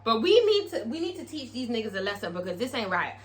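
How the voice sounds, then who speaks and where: A woman's voice: on the high side, very animated, fast. A young woman recapping a TV episode in a blunt, profane, sassy storytelling manner. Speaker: TV episode reviewer.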